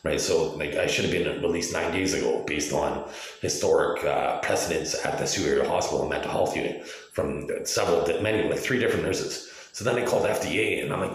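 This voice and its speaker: A man's voice: low voice, a little fast. A man in his forties giving an agitated, profane, rambling monologue, full of restarts. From Canada. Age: 40s. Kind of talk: ranting video monologue. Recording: very echoey room.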